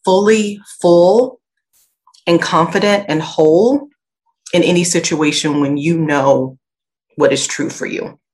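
A woman's voice: lowish voice, slow, low-quality recording. A woman raised in Michigan and Alabama with a Southern accent, speaking earnestly as a podcast guest about confidence and perspective. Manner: reflective, earnest, animated when quoting others. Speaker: guest, aromatherapy expert. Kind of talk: podcast interview conversation.

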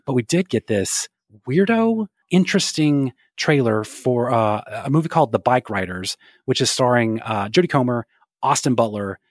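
A man's voice: mid-range voice, expressive, normal speed, dry recording, studio quality. A man co-hosting a casual pop-culture podcast, wry and joking, full of pop references. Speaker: podcast co-host.

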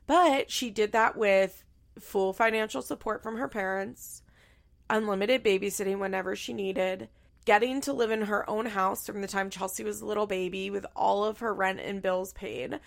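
A young woman casually recapping a reality show, gossipy and quick to laugh, acting out what people said. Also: mid-range voice, creaky. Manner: gossipy, acts out quotes with laughs. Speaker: recap commentator.

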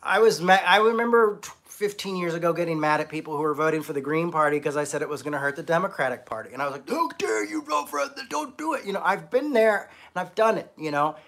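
A middle-aged man delivers a loose, conversational sermon from the pulpit of a small online church. His voice sits a little on the high side for a man, and he talks bluntly and emphatically, with casual cursing and self-deprecating humor. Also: fast, hardly any pauses, fairly bright tone.

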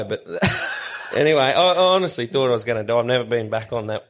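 A man's voice: medium pitch, lively intonation, fast talker, fairly bright tone. An Australian man, a podcast guest, telling a self-deprecating story in casual chat. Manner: laid-back, self-deprecating humour.

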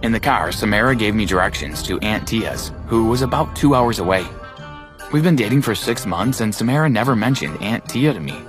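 A man narrating a first-person story in a measured, dramatic way, with music playing behind. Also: lowish voice, animated.

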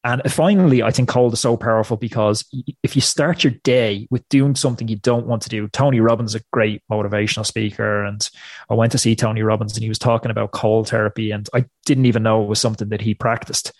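A man's voice: lowish voice, fairly even intonation, fast, darkish tone, no echo. Emphatic motivational man, dry sound. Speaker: guest. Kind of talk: podcast interview talk.

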